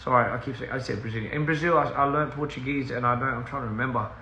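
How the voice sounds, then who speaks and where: Young man, casual live stream, rambling and sidetracked, gravelly voice, roomy echo. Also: medium pitch, racing, noisy background. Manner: rambling and easily sidetracked, laughing often. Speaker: musician live-streaming to fans. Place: at home, indoors.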